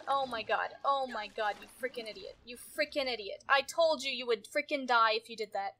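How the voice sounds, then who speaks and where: A woman giving casual gameplay commentary, exasperated and often yelling at her characters. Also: a little high, normal speed. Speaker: gameplay streamer.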